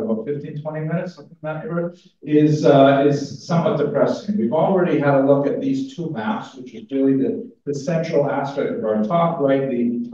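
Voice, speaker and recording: A man's voice: mid-range voice, warm tone. A man speaking at a conference, giving a casual lecture full of fillers and restarts. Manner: casual, self-interrupting, with fillers. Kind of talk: academic lecture with humor. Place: large conference hall. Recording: echoey hall from far off, dull sound.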